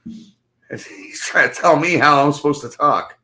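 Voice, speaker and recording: A man's voice: on the high side, measured pace. A middle-aged man ranting casually to his livestream viewers, swearing constantly and laughing through his stories. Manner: profane, animated storytelling with laughter. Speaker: livestream host.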